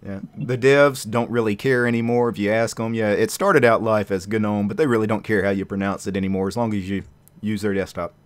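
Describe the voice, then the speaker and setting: A man hosting a casual tech chat over a video call. He laughs often and talks about software with relaxed enthusiasm. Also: on the low side, brisk. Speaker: host.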